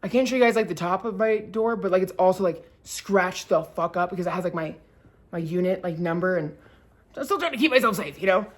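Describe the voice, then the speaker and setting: Casting: young woman, storytime vlogger, lowish voice, animated, swears a lot, peppers everything with "like". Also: brisk. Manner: animated, swearing, heavy use of "like". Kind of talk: casual storytime vlog.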